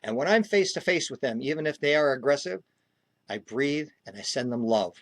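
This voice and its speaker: A man's voice: medium pitch, animated, a little fast, dry recording. Earnest man telling a story, dry sound. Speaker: podcast guest, spiritual speaker. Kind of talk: personal storytelling in an interview.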